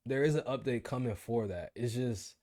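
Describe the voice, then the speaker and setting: A vlogger in his twenties rants about his job in a casual video diary, telling the story in slang. He speaks at a moderate pace with a medium-pitched, darkish voice.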